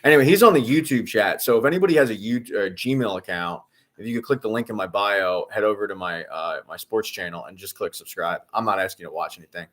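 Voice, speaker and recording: A man's voice: on the low side, fast, fairly bright tone. A man in his thirties hosting a live football watch-along, talking casually and breaking into exasperated outbursts at bad plays. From Philadelphia area. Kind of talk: casual live-stream commentary.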